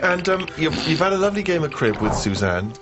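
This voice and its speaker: A man's voice: fairly high pitch, big pitch swings, quick pace, dull audio, music in the background. A man co-hosting a casual comedic chat, dropping dry, sardonic quips. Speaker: co-host.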